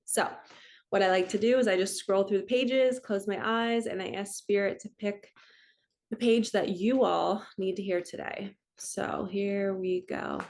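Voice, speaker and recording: A spiritual coach in her forties talks to her viewers in a gentle, reflective and casual, chatty way. Her voice is medium in pitch.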